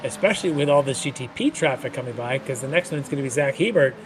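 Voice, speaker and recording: A man's voice: medium pitch, animated, quick pace, background noise. Joking man calling a sim race. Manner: jokey banter between race calls. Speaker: play-by-play commentator. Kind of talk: sim racing commentary.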